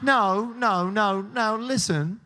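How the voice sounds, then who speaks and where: A man's voice: high-pitched, slow pace, pushed and bright. A man hosting a game show, joking and teasing the contestants and laughing often. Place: cruise ship show lounge.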